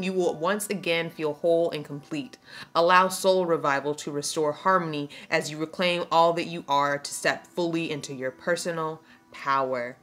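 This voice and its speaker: Woman doing a tarot reading, pretty low voice, emphatic and slangy, kinda teary, soft music underneath. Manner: emphatic, preachy, slangy, reads aloud from a card book. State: tearful. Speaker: tarot reader. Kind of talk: spiritual tarot reading to camera.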